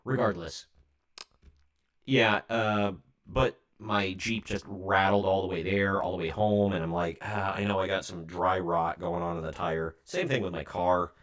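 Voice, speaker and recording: Ohio guy in his 30s, low voice, rambling chatty livestream talk, keeps correcting himself. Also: little pitch movement, measured pace, fairly bright tone. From Ohio, United States. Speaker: livestream host. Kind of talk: casual livestream chat.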